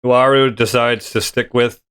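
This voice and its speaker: A man's voice: mid-range voice, level tone, a little slow, a bit bright, smooth, dry recording. A man hosting a casual tabletop gaming podcast, rambling with many fillers and restarts. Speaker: podcast host. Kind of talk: casual chat.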